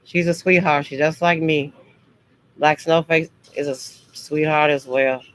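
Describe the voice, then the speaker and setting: A woman's voice: sits low, fairly even intonation, measured pace, poor audio. A woman hosting a casual livestream chat. She talks to her viewers in a harsh, blunt way, though she means no harm. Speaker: livestream host.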